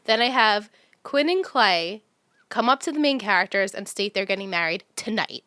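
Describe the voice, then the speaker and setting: A woman's voice: mid-range voice, lively intonation, normal speed, pushed and bright, dry recording, clean studio sound. A woman co-hosting a podcast in casual chat, chatty and laughing often as she reads out her own notes. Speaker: podcast co-host. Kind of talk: casual chat about a TV show.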